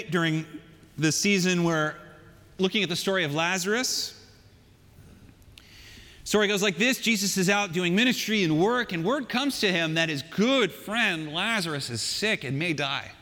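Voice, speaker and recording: A male pastor preaches in a chatty, animated way, slipping in joking asides as he tells the story. His voice sits a little high with a bright, forceful edge. The sound carries a long reverb from the church sanctuary. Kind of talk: sermon.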